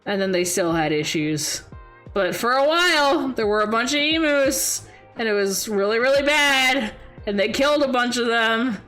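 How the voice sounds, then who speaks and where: Young woman streamer, slightly high voice, rambling casual chat, giggly, faint music underneath. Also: expressive, normal speed, fairly bright tone.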